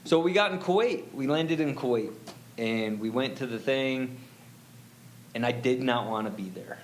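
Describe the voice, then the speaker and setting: A man telling his own story in a relaxed, rambling way, full of fillers and quoted lines. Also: medium pitch, normal speed, a little hiss or hum, rough recording. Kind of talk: casual storytelling.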